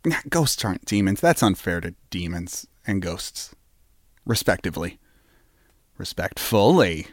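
A man's voice: deep voice, sing-song, a little slow, long pauses, no room sound, studio quality. A man hosting a show alone, rambling playfully with lots of fillers and restarts. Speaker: podcast host. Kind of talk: casual solo rambling.

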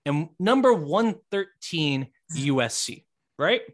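Animated man on a sports podcast. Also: on the high side, slow. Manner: animated, emphatic, repeats himself. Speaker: podcast co-host. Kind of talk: casual sports chat.

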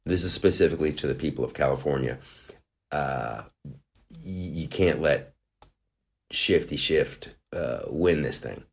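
A man's voice: very deep voice, unhurried, gravelly, pauses often. A man hosting a podcast, delivering a profane, sarcastic comedic rant. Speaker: podcast host.

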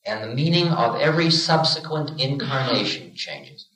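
A man's voice: medium pitch, sing-song, moderate pace, bright, forceful tone. Guy giving a spiritual talk, storytelling, does little voices for laughs, roomy echo. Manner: storytelling, acts out quoted voices with humor. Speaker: spiritual teacher. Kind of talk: spiritual lecture.

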